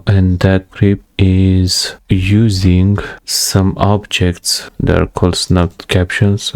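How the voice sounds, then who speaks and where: A man with a non-native English accent explaining his software, thinking aloud in halting phrases as he clicks through it. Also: sits low, clean tone, no echo. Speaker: software tutorial creator. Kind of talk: screen-recorded software walkthrough.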